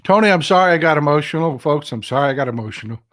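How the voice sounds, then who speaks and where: Middle-aged man from Texas, livestream politics host, slightly high voice, emphatic and fired up, addressing viewers directly. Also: lively intonation, racing, fairly bright tone. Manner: impassioned, emphatic, talks straight to viewers. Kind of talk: casual livestream commentary.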